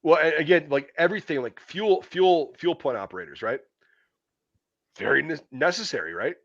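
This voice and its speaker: A man's voice: on the high side, lively intonation, normal speed, dry recording. A middle-aged man hosting a casual chat, a former infantry soldier telling war stories bluntly and with constant profanity. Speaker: podcast host. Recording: dull, lo-fi dry recording.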